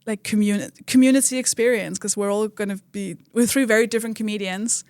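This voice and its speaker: A woman's voice: mid-range voice, fairly even intonation, quick pace, darkish tone, dry recording. A woman comedian from Denmark, chatting casually on a podcast and often laughing while she acts out quotes. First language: Danish. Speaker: comedian guest.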